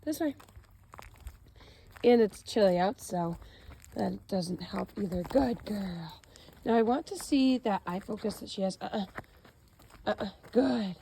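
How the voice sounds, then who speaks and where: Slightly hoarse woman dog trainer. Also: mid-range voice, slight background noise, rough recording. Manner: calm instructive talk with quick dog commands and praise. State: slightly hoarse, losing her voice. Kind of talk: instructional dog training demo. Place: outdoors, chilly.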